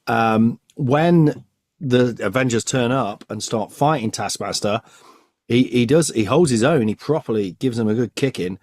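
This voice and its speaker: A man's voice: medium pitch, a little slow, a little mellow, no echo, studio quality. A man co-hosting a podcast, eagerly retelling comic stories and acting out the quotes. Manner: enthusiastic, storytelling, acts out quotes. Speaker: podcast co-host. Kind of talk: casual comic-book chat.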